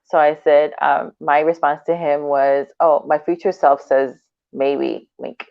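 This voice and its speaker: A woman's voice: sits low, steady tone, a little slow, gravelly, dry recording. A woman co-hosting a podcast in casual chat, laughing often and acting out quoted dialogue. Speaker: podcast co-host. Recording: dry, tinny phone-like line.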